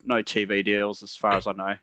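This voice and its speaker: A man's voice: lowish voice, flat delivery, brisk, pushed and bright, dry recording. A man with an Australian accent hosting a casual podcast chat, reading out listener questions and answering them at length. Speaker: podcast host.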